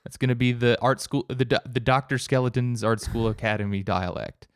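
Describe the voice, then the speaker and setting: A man co-hosting a podcast in casual chat, excitable and swearing freely. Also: mid-range voice, fairly quick, smooth, no echo, clean studio sound. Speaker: podcast co-host.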